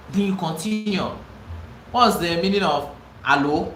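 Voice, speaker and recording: A man's voice: sits high, measured pace, long pauses, pushed and bright, roomy sound, slight background noise, rough recording. A man with a Cameroonian English accent teaching a live online real estate class, emphatic and repeating himself for stress. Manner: emphatic, repeats phrases, pleading asides.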